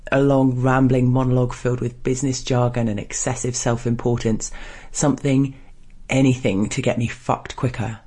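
A man reading a first-person erotic story aloud in a soft, hushed, restrained way. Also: mid-range voice, flat delivery, moderate pace, few pauses. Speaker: story narrator.

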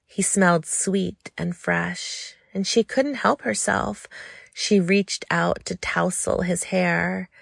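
A woman narrating an audiobook in a slow, intimate, low-key reading. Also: vocal fry, husky, no room sound, studio quality.

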